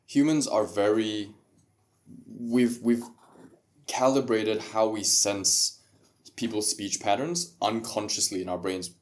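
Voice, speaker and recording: A man talking as a podcast guest, explaining ideas in a casual, emphatic way. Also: lowish voice. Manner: explanatory, stresses words to make a point.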